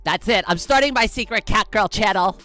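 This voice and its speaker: A woman's voice: medium pitch, a little fast, sharp tone, soft background music. A woman streamer chatting casually with her viewers, giggly and playful, often laughing at herself. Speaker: live streamer.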